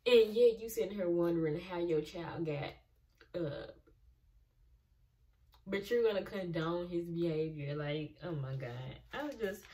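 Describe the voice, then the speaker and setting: Young woman, exasperated reaction chat, lowish voice, a bit off-mic. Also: far from the mic. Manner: animated, exasperated, talks back to the characters. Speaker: reaction video host. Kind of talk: casual TV reaction commentary.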